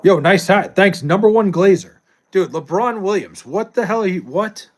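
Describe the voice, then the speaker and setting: A man's voice: high-pitched, expressive, moderate pace. A young adult man streaming live, chatting casually with viewers and reading chat, loose and profane with frequent laughs.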